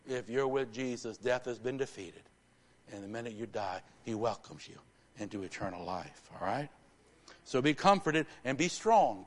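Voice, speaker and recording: Male pastor, mid-pitched, live church sermon, emphatic and repetitive, hushed to rousing. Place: church sanctuary.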